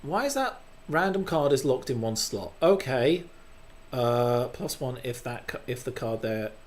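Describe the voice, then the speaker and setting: A man's voice: medium pitch, animated, a little slow, a little hiss or hum. A man hosting a gaming channel, giving casual playthrough commentary while mocking himself and swearing freely. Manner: self-deprecating, swears freely.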